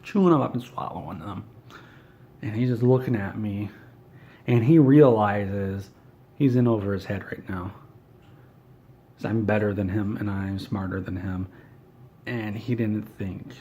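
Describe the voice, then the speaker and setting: A man's voice: fairly low pitch, measured pace, long pauses, warm tone, muffled recording. A man doing an in-character comedy monologue, ranting in an indignant, whiny, self-important way.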